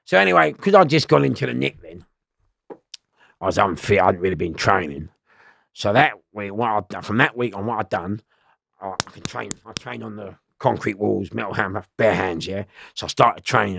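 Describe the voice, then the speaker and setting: A middle-aged man with a heavily gravelly voice that swings widely up and down as he tells his story. He swears freely and acts out other people's lines. The sound is close and dry, with no room behind him. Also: on the low side, expressive, moderate pace, a bit bright, no echo. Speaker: interview guest. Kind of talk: animated storytelling.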